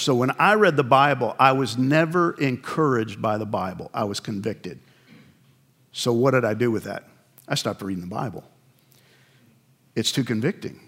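A man's voice: mid-range voice, fairly bright tone. An older male pastor preaching a sermon in a conversational storytelling way, with wry acted asides.

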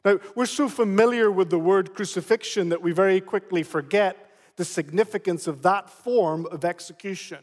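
A man's voice: high-pitched, moderate pace. A man preaching a sermon as pastor, emphatic and prone to repeating phrases. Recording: long hall reverb.

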